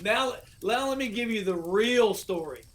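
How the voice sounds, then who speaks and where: A middle-aged American man tells a war-buddy story in loose, salty podcast chat. His delivery is animated and full of profanity. He acts out his old barked orders as he goes. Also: high voice, a little slow. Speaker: podcast guest, army veteran. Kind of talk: casual storytelling.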